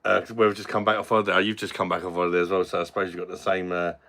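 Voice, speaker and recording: A man's voice: sits low, level tone, rapid-fire, pushed and bright. A young Englishman hosting a casual live stream, chatting and joking with viewers as he reads their comments. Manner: chatty and jokey, swears casually.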